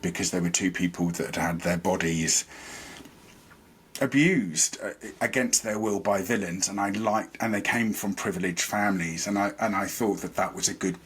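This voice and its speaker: A man's voice: sits low, moderate pace, a bit bright, slightly rough. A man, a podcast guest, chatting casually and rambling about things he is a fan of. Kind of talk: casual chat.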